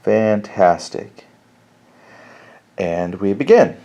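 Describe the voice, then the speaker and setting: A man's voice: on the low side, animated, extremely slow, mellow, lo-fi sound. A man thinking aloud as he plays through a tabletop war game alone, counting squares and reading out cards. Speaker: board game player and host. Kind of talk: solo tabletop game playthrough.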